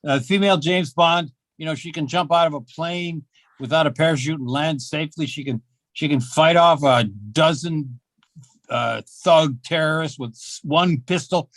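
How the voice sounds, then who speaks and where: An older man works through a stand-up set in a small club, his delivery deadpan and self-mocking, full of hesitant fillers. His voice sits a touch high for a man, and the sound is dry and close to the mic. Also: moderate pace, no room sound. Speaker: stand-up comedian.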